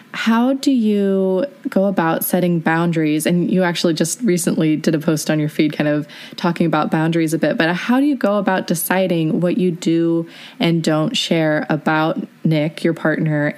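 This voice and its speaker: A woman's voice: low voice, darkish tone. A young woman hosting a casual interview podcast, talking in a girl-talk way with many fillers and laughs. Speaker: podcast host.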